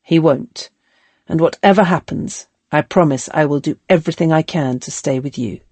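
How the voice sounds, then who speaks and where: A woman voicing a worried, tender male slave and lover from a historical novel, in a gentle reading tone. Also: low-pitched, moderate pace, slightly rough, dry recording. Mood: soothing.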